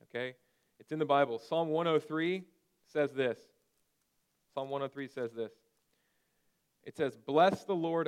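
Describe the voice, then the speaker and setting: A man in his thirties preaching a conversational sermon and at times breaking into sharp shouted commands. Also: mid-range voice, clean tone. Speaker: pastor.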